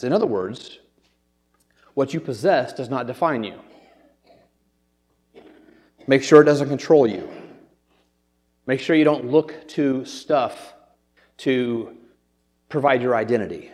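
Pastor preaching in a reverberant hall. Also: male voice, mid-range voice, expressive, takes it slowly, long pauses, darkish tone. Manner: earnest, conversational, repeats words while thinking. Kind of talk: sermon.

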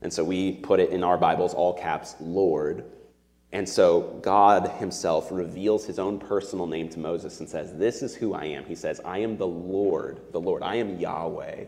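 A man's voice: deep voice, steady tone, unhurried, a little mellow. A man in his thirties preaching a sermon as pastor, earnest and conversational, talking to his church on a Sunday morning. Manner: conversational, earnest, with fillers like "like" and "right?". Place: church sanctuary. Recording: long hall reverb.

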